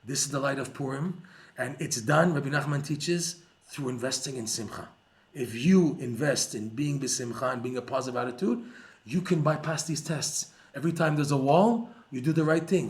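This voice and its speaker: A man giving a lively Torah class to a live audience, joking and using Hebrew terms. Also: mid-range voice, normal speed. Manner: animated, jokey, uses Hebrew terms. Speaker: Torah teacher.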